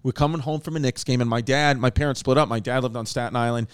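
A man's voice: mid-range voice, steady tone, fast talker, clean tone, no echo, clean studio sound. A man, telling a rambling story in casual chat and using lots of fillers and swearing. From Queens, New York. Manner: rambling, with many fillers and profanity.

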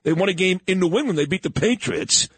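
Male morning radio host, husky, lively, dry close mic. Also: high voice, fast talker, dry recording. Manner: chatty, joking, coughing at times. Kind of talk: casual morning radio talk.

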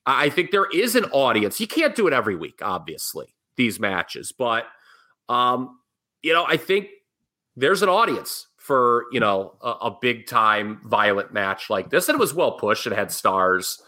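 A man's voice: mid-range voice, very animated, unhurried, sharp tone. A middle-aged man co-hosting a podcast, chatting casually and giving opinions with jokey asides. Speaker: podcast co-host. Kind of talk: casual wrestling talk.

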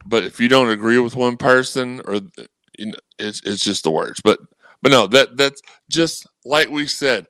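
A man talks sports on a podcast, animated and rambling, and slips into quick impressions of anxious fans as he tells his stories. His voice is smooth and resonant. The recording is close and dry, with no room sound. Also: medium pitch, no room sound, low-quality recording. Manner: animated, rambling, acts out fan messages. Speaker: guest co-host. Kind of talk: casual sports podcast chat.

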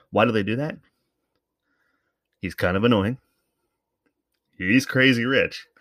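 Sarcastic, profane man with a low voice. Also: gravelly, fairly bright tone. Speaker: podcast host. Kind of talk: casual commentary.

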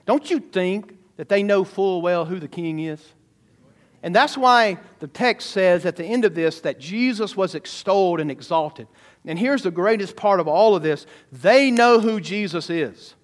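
Pastor, man, high-pitched and animated sermon delivery. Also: normal speed. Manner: animated preaching, sudden shouts and asides to the congregation.

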